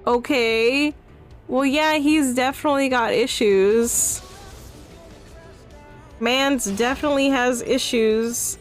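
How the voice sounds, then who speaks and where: A woman streamer chatting casually over her gameplay, breaking into excited outcries now and then. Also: high voice, slow pace, long pauses, soft background music.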